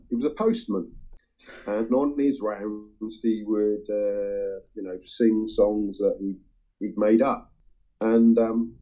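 A man with a husky, slightly breathy voice, pitched a little low, talks through a song in casual chat. He hesitates constantly, circling back with ums and repeated words. The sound is thin and tinny, like a phone line. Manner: halting, full of ums and restarts. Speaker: music-sharing group member.

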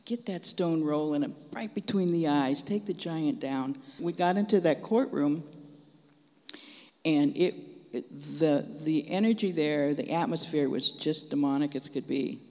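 A man preaching a testimony in an animated, frank and folksy storytelling manner. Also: a little high, measured pace. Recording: long hall reverb.

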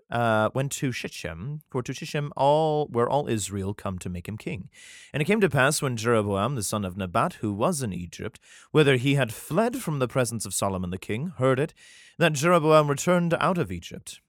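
A man's voice: medium pitch, no room sound, clean studio sound. A man hosting a podcast, reading old scripture aloud and breaking off into crude, irreverent jokes. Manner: irreverent, profane asides. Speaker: podcast host.

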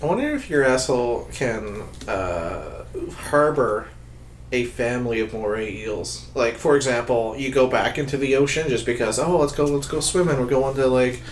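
A man chatting casually with friends, cracking deadpan crude jokes. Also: medium pitch, moderate pace, a little hiss or hum. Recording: echoey room with faint ambience.

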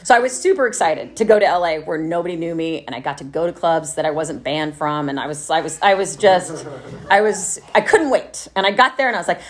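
Wry, candid woman, lowish voice. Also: a little fast. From Texas. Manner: candid, wry, laughs through dark memories, many fillers like "like". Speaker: storyteller. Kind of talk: personal storytelling to a live audience.

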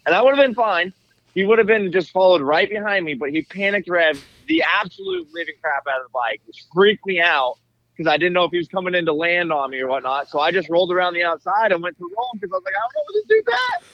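A laid-back young man calls in as a guest racer and says dude a lot. His slightly high voice moves up and down a lot. It comes through a dull, muffled call line. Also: sing-song, quick pace, dry recording. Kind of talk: casual interview chat.

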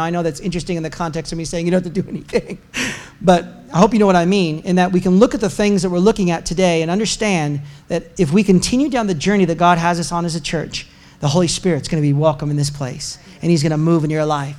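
A man's voice: on the high side, fairly even intonation, fast. A pastor preaching a sermon to his congregation, conversational and joking, with emphatic repetition. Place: church service before a congregation.

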